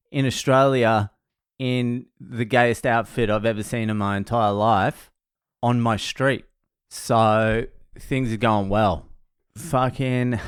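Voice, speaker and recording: A man's voice: mid-range voice, smooth, no echo, studio quality. A man, a stand-up comedian, telling rambling, profane anecdotes in a casual vlog. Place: home in Australia.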